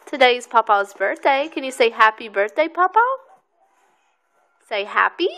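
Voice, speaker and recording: At home, a woman films a toddler with her handheld phone camera, patiently coaxing her to repeat words in a sing-song tone and praising her often. Her voice is a little high, expressive and bright, forceful yet unhurried.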